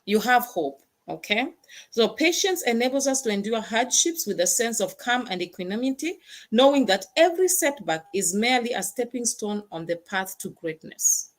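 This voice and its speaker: A woman's voice: a little high, expressive, normal speed. A woman hosting a motivational talk, stressing points by repeating words. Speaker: host.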